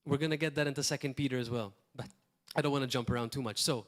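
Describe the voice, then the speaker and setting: A man preaching a sermon as pastor, talking in a lively, rambling way and acting out quotes now and then. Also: medium pitch, very fast. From Malta.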